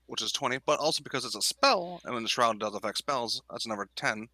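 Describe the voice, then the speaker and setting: A man playing a tabletop game, talking haltingly with many fillers as he explains his character's moves. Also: mid-range voice, expressive, sharp tone. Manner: halting, hesitant speech with many "uh"s. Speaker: player.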